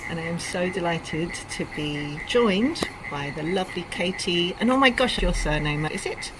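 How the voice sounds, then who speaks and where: A woman's voice: fairly low pitch, measured pace. A woman with an English accent hosting a podcast interview, chatty and effusive, recorded outside. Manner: effusive, chatty, laughs easily. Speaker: podcast host. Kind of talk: warm interview chat. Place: outdoors among birds and insects. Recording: outdoor noise of birds and cicadas. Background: kookaburras and cicadas.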